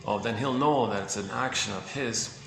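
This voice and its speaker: A man giving a casual, halting explanation on psychology, often searching for words and repeating himself. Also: lowish voice, fairly bright tone, faint music behind. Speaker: speaker on psychology. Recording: echoey room with faint ambience.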